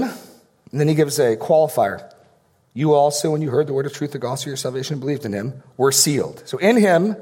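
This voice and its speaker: A man preaching a sermon, reading scripture aloud and unpacking it verse by verse. He speaks with emphasis, repeating phrases, and moves between quick asides and slow, stressed lines. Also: medium pitch, slightly rough. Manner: emphatic, repeats phrases with rising and falling force. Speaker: pastor.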